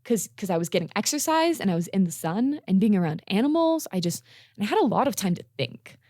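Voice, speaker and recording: A young adult woman, a podcast guest telling her own story candidly, earnest and halting, often repeating words as she restarts. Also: mid-range voice, very animated, mellow, no echo, clean studio sound.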